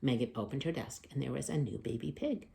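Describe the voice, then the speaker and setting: Her voice rumbles low and creaky as this storytime host moves fairly quickly through a picture book for children. She reads expressively, calling out loudly at times and dropping to hushed asides at others.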